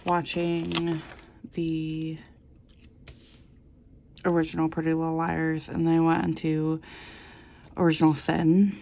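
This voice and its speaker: A woman's voice: low voice, completely flat delivery, slow, gravelly, pauses often, dark tone, a little hiss or hum, poor audio. A woman vlogger chatting casually as she decorates her planner, rambling through a story with lots of fillers and the odd swear.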